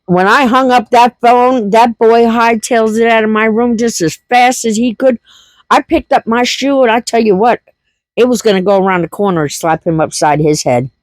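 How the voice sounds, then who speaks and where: A woman's voice: a little high, normal speed, no echo. A woman telling a funny family story in a casual, laughing, folksy way. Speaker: homesteading vlogger.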